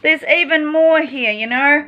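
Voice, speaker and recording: High-voiced woman, agitated and rambling. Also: a little slow, muffled recording. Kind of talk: personal vlog monologue.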